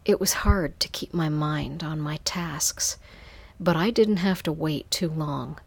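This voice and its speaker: A woman narrating an intimate first-person story in a soft, hushed voice. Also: low-pitched, slow, creaky, slightly rough.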